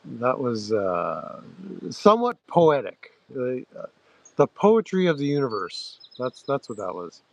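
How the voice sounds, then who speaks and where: A man hosting a livestream, chatting loosely to viewers with crude slang, halting restarts and frequent throat-clearing. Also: medium pitch, big pitch swings. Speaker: livestream host. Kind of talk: rambling casual chat to viewers.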